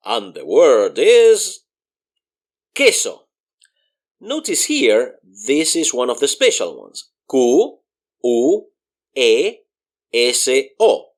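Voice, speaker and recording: A man with a medium-pitched voice teaches a beginner Spanish lesson. He spells words out letter by letter and patiently explains pronunciation, using repeated examples.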